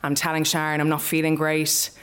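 A woman's voice: low-pitched, completely flat delivery, a little fast, a bit bright, clear, resonant tone. A young Irish woman telling a personal story live, in a candid, conversational way with plenty of swearing.

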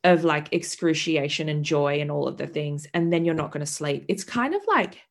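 Casting: woman, 30s, podcast guest, gravelly edge, dramatic candid storyteller. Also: deep voice, animated, normal speed. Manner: vivid, dramatic retelling with profanity and acted quotes.

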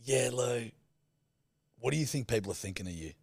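A man's voice: medium pitch, brisk, breathy edge, no echo, studio quality. A man co-hosting a podcast, teasing and swearing in casual comedy banter. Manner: crude, teasing, animated. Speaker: podcast co-host.

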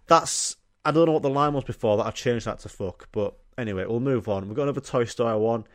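A man's voice: medium pitch, fast, hardly any pauses, dry recording. Lad doing his comedy podcast, swears loads, giggly, dead dry sound. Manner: excitable, swears freely, laughs at own jokes. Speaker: podcast host. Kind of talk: casual comedic monologue.

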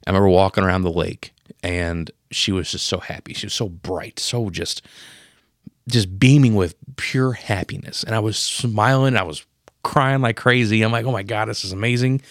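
A man in his thirties telling a personal story on a podcast, emotional and profane, marking each scene change with a sudden boom. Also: normal speed, no room sound, clean studio sound. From Pennsylvania. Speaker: podcast co-host. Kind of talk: casual storytelling.

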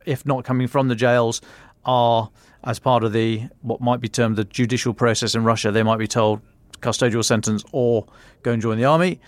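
A man's voice: mid-range voice, dry recording. A man with a British accent discussing military matters in a conversational podcast chat, often restarting phrases and stressing points. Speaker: defence editor.

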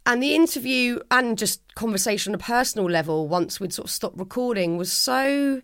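A woman's voice: on the high side, animated, fairly quick, fairly bright tone, no echo. Earnest woman, dry close mic. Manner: heartfelt and earnest, with frequent restarts. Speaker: guest. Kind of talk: reflective interview conversation.

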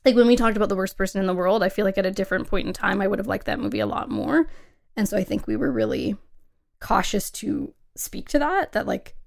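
A woman's voice: mid-range voice, sing-song, fast talker, gravelly, darkish tone. A young adult woman co-hosting a casual film podcast, chatty and emphatic, laughing often. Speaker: podcast co-host.

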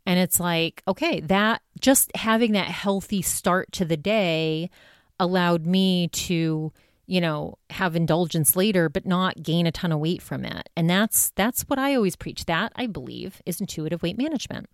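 A woman's voice: lowish voice, moderate pace, dry recording, studio quality. A woman hosting a podcast, talking casually in a chatty, rambling way and retelling a conversation with many fillers. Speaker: podcast host. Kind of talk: casual solo podcast monologue.

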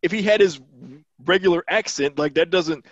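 A man's voice: sits high, normal speed, no echo, highs cut off. Rambling, profane man on a podcast. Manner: rambling, profane, laughs often. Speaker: podcast co-host. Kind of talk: casual movie chat.

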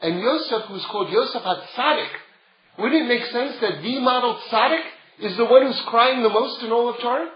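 A man's voice: very high-pitched, expressive, moderate pace. A man teaching a Torah class in a conversational way, building up to emphatic passages. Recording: roomy, dull lo-fi sound.

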